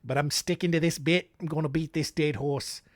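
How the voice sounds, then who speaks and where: A man's voice: fairly high pitch, steady tone, moderate pace, dry recording, studio quality. A podcast host, a man, rambling in a put-on Australian accent, mocking himself between lots of fillers. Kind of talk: casual monologue.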